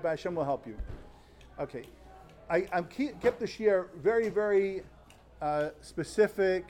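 Young guy w a pretty high voice, telling a story all earnest and animated then starting his talmud class. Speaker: yeshiva student giving a Talmud lecture. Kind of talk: informal Talmud lecture with a personal story. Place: study hall before fellow students.

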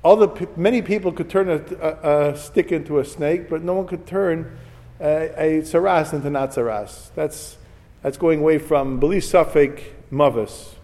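In a big-sounding room, a Torah teacher with a dark voice on the high side talks at a normal speed. He reads from Hebrew sources, explains them in English, and keeps things informal with chatty asides and stories from his own life.

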